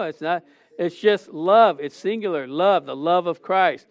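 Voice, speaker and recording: A man's voice: high voice, measured pace, no echo, lo-fi sound. A middle-aged man preaching a sermon, questioning the congregation and acting out stories.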